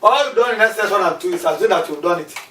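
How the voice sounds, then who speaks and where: Male teacher, high voice, echoey room. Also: lively intonation, quick pace, fairly bright tone. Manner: repeats key terms, asks questions aloud. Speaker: mathematics teacher. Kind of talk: classroom lesson. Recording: echoey room from far off with faint background noise.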